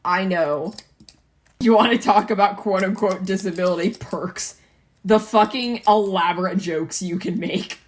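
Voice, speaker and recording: A woman's voice: mid-range voice, measured pace. A teenage girl co-hosting a casual chat, rambling with many fillers and swear words. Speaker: podcast co-host.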